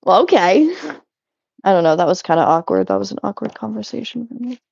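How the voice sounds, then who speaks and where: A woman's voice: mid-range voice, animated, fairly quick, vocal fry, darkish tone, slightly rough, no room sound, highs cut off. A young woman vlogging casually as she sorts things at home, talking in a rambling, chatty way, cutting herself off and laughing often. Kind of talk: casual chat while cleaning.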